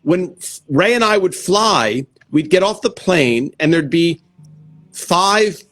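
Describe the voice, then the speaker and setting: A man's voice: sits high, expressive, slow, fairly bright tone, faint music behind. A man hosting a casual interview over a video call, chatty and enthusiastic. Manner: enthusiastic, chatty, laughs easily. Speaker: host.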